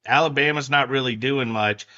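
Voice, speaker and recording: A man, a guest on a casual sports talk show. He tells stories in a lively way, swinging from quiet to loud. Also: mid-range voice, normal speed. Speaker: guest reporter. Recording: muffled lo-fi audio.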